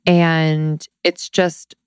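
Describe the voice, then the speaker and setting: Deep-voiced, enthusiastic woman podcast host. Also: level tone, extremely slow, smooth, no room sound. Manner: warmly affirming, enthusiastic. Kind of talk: casual interview chat.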